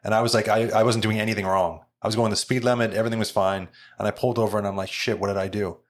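Quick-talking low-voiced male host. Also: fairly even intonation. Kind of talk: casual chat.

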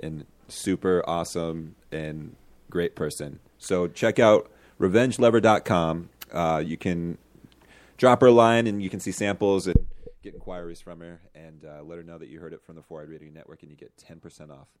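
A man's voice: deep voice, moderate pace. A man hosting a casual podcast, joking loosely and stumbling through his plugs. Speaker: podcast host.

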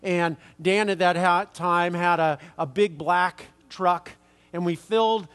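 A man's voice: sits high, fairly even intonation, takes it slowly, a bit bright. A man preaching a sermon, rambling through a story with many fillers and restarts. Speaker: pastor. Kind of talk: sermon with anecdote.

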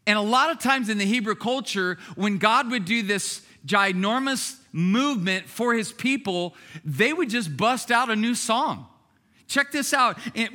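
A middle-aged man preaching a sermon as pastor, conversational and lively, with sudden bursts of excited shouting. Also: sits high.

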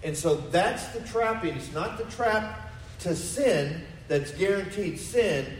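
A high-pitched male pastor delivers an emphatic sermon, pressing his congregation with rhetorical questions. He is picked up from some distance in a roomy, echoing church, with a faint hum of ambience behind him. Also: animated, takes it slowly. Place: church sanctuary.

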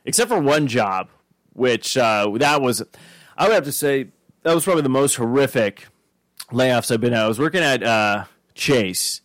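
A man's voice: mid-range voice, expressive, moderate pace, a bit bright, no echo. Podcast co-host: man in his thirties from Arizona, swears a lot, rambles, dry close mic. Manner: rambling, profane storytelling. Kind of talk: casual chat.

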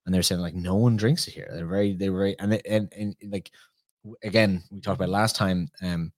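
Irish guy hosting a podcast, really deep voice, dry close sound, wanders through stories. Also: fairly even intonation, fairly quick, no echo. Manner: rambling anecdotal storyteller. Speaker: podcast host. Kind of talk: casual conversational chat.

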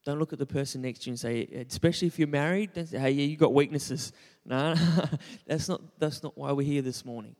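A young adult pastor gives a conversational sermon, poking fun at himself and putting questions to the congregation. His voice is a little high, a little fast and darkish. The sound has a big-room quality.

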